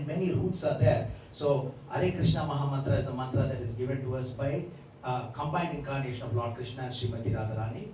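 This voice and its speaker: A man's voice: mid-range voice, dark tone, a little hiss or hum. Man lecturing in an echoey hall. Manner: explanatory, often checks in with the audience by asking "right?". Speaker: Bhagavatam class lecturer. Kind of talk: devotional scripture lecture. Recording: echoey hall, mic far off.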